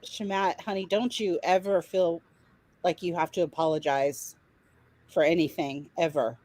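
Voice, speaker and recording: Gentle sympathetic woman co-hosting a livestream, lowish voice. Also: fairly even intonation, moderate pace, no echo. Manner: gentle, sympathetic, speaks softly to viewers. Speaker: livestream co-host. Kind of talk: casual livestream chat.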